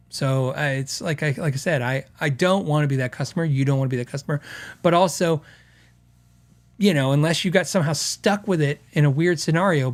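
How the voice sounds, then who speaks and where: A man hosting a podcast, talking casually and rambling with restarts as he reads out viewer comments. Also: fairly high pitch. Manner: conversational, rambling with restarts and acted quotes. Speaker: podcast host. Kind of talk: casual chat.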